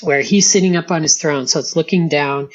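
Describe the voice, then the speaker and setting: Middle-aged woman guest telling her story all animated, husky voice, kinda dull lo-fi sound. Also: low-pitched, brisk. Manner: animated storytelling, acting out her own past rants. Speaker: interview guest. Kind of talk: personal testimony in conversation.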